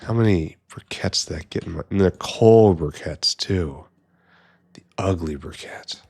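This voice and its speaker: A man's voice: deep voice, measured pace, a little mellow, slightly rough. A man giving casual gameplay commentary, muttering to himself with wry asides as he works. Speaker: gameplay streamer.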